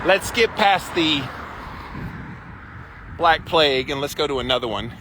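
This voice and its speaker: A man's voice: on the high side, expressive, a little slow, background noise. Chatty man live-streaming on a walk. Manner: chatty, opinionated, stretches out phrases for emphasis. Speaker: host of a weekly walk-and-talk live stream. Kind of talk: casual live-stream talk reading viewer comments. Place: outdoors on a walk.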